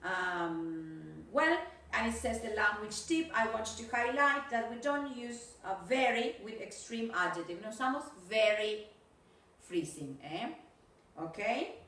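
A woman teaching an English class on video, slowly and deliberately, checking in often with "yes? okay?". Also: fairly high pitch, animated, a bit bright, far from the mic. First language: Spanish. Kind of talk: recorded video lesson. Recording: roomy echo, voice from off the mic.

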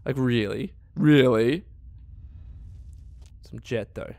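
A young man giving exasperated, profane commentary while playing a video game, often shouting at enemies. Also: mid-range voice, slow, no room sound. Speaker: let's play gamer. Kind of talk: gameplay commentary.

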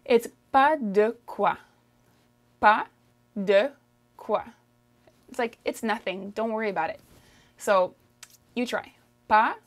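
A woman with a Canadian French accent teaching a French lesson, drawing out phrases slowly for the listener to repeat and checking in with "okay?". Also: mid-range voice. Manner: slow, drawn-out pronunciation drills, frequent "okay?" checks. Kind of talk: language lesson, modelling phrases for repetition.

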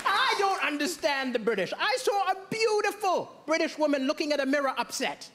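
A man's voice: very high voice, very animated, fairly quick, fairly bright tone. Man doing stand-up over a roaring crowd. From Malawi. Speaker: stand-up comedian. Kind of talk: stand-up comedy set. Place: large theatre stage. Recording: stage mic with noisy crowd. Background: audience laughter and cheering.

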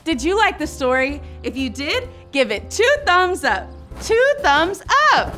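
A woman's voice: high-pitched, big pitch swings, takes it slowly, fairly bright tone, soft background music. A young woman hosting a preschool Bible lesson, speaking in an exaggerated, playful way to cheer on small children. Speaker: children's show host.

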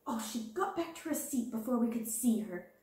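A woman voicing a confident, imaginative schoolgirl who speaks in a lively, confiding way in a storybook reading. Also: on the high side, normal speed, heavy reverb, distant mic, lightly acted. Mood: playful.

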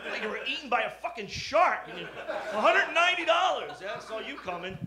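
A male comedian putting on a mocking salesman who scorns a customer, in a high, loud, sneering voice. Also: sing-song, a little fast. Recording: echoey club with crowd.

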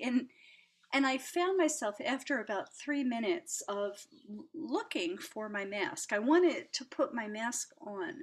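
A middle-aged woman hosting a reflective talk about the heart, chatty and gentle, laughing lightly and dropping to soft asides. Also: fairly high pitch, lively intonation, a little slow. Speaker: host.

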